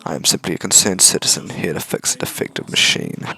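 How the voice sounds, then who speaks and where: A man voicing a scheming male villain with a croaky, hushed voice and mock-polite threats. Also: low voice, fairly even intonation, quick pace, pitched below the performer's own voice, exaggerated voice. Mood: menacing.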